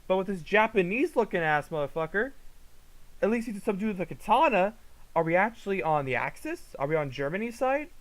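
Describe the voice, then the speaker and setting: A man giving casual reaction commentary, ranting in an exasperated, profane way that swings between low mutters and loud outbursts. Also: very animated, fairly quick, rough recording. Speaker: commentary vlogger.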